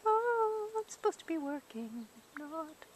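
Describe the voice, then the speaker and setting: A woman's voice: very high-pitched, very animated, measured pace, slight background noise. A woman casually rambling while filming wildlife, chatting on the phone at the same time, recorded on a handheld camcorder's built-in mic.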